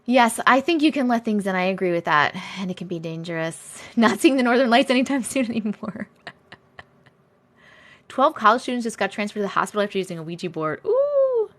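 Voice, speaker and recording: A woman's voice: medium pitch, expressive, fairly quick, a bit bright. A woman hosting a casual live stream, chatting, reading viewer comments aloud and greeting viewers by name with frequent laughs.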